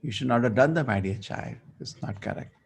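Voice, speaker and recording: A man voicing a calm, gentle old sage who speaks softly and pleads with quiet sorrow. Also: medium pitch, a little fast, gravelly, slightly rough. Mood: pleading. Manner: soft, peaceful, pleading.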